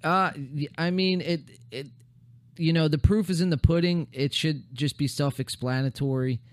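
A young man hosting a casual podcast, rambling and profane with many fillers, his voice going hoarse. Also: fairly high pitch, normal speed, no room sound, clean studio sound. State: losing his voice. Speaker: podcast host.

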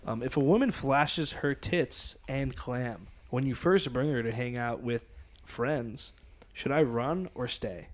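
A man's voice: mid-range voice, slow. A man co-hosting a comedy podcast, reading listener questions and bantering goofily. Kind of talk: casual podcast chat.

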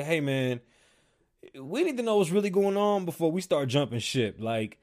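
A man hosts his own show live and rants casually about the news. He swears freely and jumps from low mutters to loud outbursts. His voice sits at an ordinary pitch for a man. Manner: profane, animated ranting with sudden loud outbursts. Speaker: podcast host. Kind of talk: casual livestream monologue.

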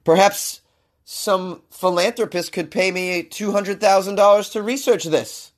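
A man's voice: high-pitched, fairly even intonation, measured pace. A man giving casual, jokey commentary while reading out a science news story, with sarcastic asides. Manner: jokey, sarcastic asides, mock-crooning bits.

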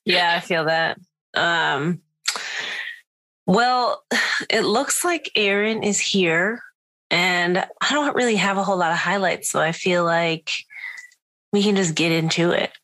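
A woman's voice: lowish voice, slow, pauses often, pushed and bright. A woman hosting a podcast remotely in playful, chatty, teasing conversation. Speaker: podcast host. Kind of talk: casual chat.

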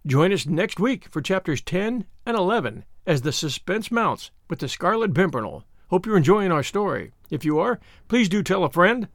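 Man, audiobook narrator, classic novel, measured storytelling, dry recording. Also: sits high, sing-song, no echo. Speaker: narrator and host of a story podcast.

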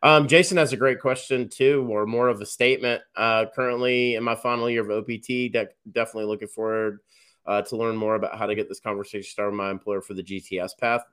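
Low-voiced host reading viewer comments. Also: male voice, fairly even intonation, fast talker, fairly bright tone, clean tone. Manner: reads viewer comments, many fillers. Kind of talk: live-stream hosting.

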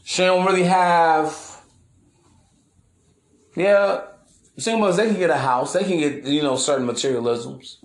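A man's voice: a little high, unhurried, pauses often, roomy sound. A man hosting a podcast in a brash, preachy monologue, full of slang and swearing. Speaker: podcast host. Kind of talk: casual monologue.

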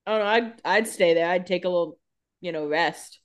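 Podcast co-host, woman, somewhat low voice, quick chatty reactions. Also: clear, resonant tone. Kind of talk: casual recap chat.

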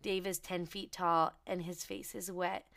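A woman co-hosting a podcast in casual, excitable book chat, swearing freely and reading passages aloud. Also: on the low side, unhurried, creaky. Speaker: podcast co-host.

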